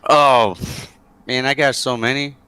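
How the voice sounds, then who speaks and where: A man's voice: mid-range voice, fairly even intonation, a little slow, pushed and bright, clear, resonant tone, no echo. A man, a former soldier, tells a rambling war story in a casual interview over a voice call, with many fillers and chuckles.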